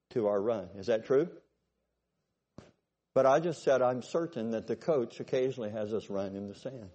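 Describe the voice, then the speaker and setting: A man preaching a sermon, telling stories and checking in with his congregation, swinging from loud bursts to low asides. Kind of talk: sermon with storytelling.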